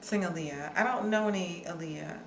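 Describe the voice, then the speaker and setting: A woman's voice: lowish voice, moderate pace. A young woman hosting a casual livestream, chatting loosely with viewers and reading their comments. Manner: chatty, scattered, answers song requests with bits of singing. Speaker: livestream host. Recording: roomy with faint ambient noise.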